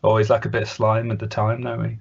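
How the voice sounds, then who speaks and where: Low husky man in a dull lo-fi recording. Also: completely flat delivery, fast. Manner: rambling, hesitant, lots of fillers and restarts. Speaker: podcast co-host. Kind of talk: casual chat reviewing a cartoon. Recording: dull lo-fi podcast audio.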